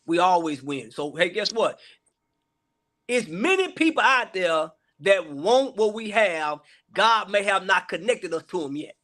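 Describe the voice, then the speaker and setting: A man with a high-pitched voice speaks as a guest pastor. He talks in an emphatic, repetitive preaching cadence, circling back on phrases to drive each point home. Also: sing-song, unhurried, pushed and bright. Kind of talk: casual preaching chat.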